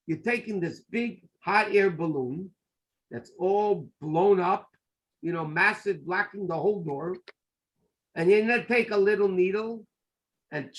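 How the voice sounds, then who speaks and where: Animated, high-voiced rabbi teaching. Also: male voice, rough recording. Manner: animated, emphatic, mixes Hebrew terms into English explanations. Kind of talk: Torah class lecture.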